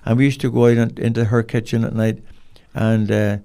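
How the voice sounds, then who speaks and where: A man's voice: medium pitch, flat delivery, brisk, dark tone, smooth. An older man, a podcast guest telling rambling, colloquial stories in a casual interview. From Cork, Ireland.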